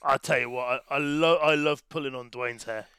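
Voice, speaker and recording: A man's voice: mid-range voice, steady tone, moderate pace, gravelly, pushed and bright, smooth, no room sound. A man talking enthusiastically in casual banter with friends on a gaming podcast. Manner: enthusiastic, laughing. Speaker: podcast co-host.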